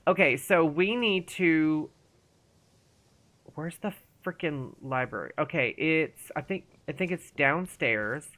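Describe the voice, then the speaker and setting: A woman's voice: low voice, expressive, slow pace, fairly bright tone. A woman streaming a game and chatting casually, rambling playfully and talking to the characters. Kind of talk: casual live-stream commentary.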